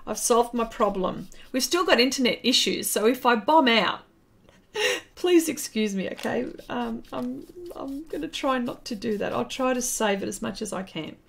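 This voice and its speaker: A woman's voice: fairly high pitch, animated, normal speed, gravelly. An Australian woman chatting casually on a live stream while she paints, greeting viewers by name and rambling with fillers.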